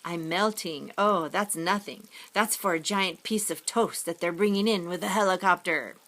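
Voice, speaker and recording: This is an eager, joke-cracking young boy, the son of a fisherman. His voice is fairly low for a boy's, with a gravelly texture and a bright, forceful tone. A woman voices him while reading a story aloud. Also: moderate pace. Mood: joking. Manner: excited, jokey.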